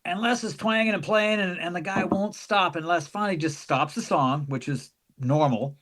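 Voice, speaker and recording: A man chatting casually as a podcast guest, telling animated road stories, acting out other people's voices and swearing freely. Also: high voice, normal speed. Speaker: guest, tour crew member. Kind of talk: casual chat.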